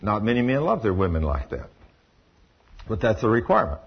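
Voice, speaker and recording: A man's voice: lowish voice, wildly swooping pitch, fairly quick, gravelly, breathy edge. A man preaching a sermon in a folksy, storytelling way with emphatic asides. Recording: dull lo-fi recording.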